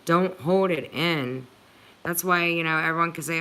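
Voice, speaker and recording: A woman hosts a livestream, reading live chat and talking earnestly and emotionally with viewers, with many filler "likes". Her voice is lowish, clear, and resonant with a sharp tone, at a normal speed.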